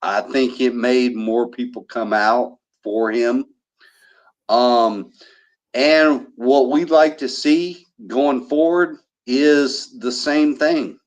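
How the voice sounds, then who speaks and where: A man's voice: mid-range voice, steady tone, slow. A man co-hosting a casual livestream chat, rambling and repeating himself as he talks.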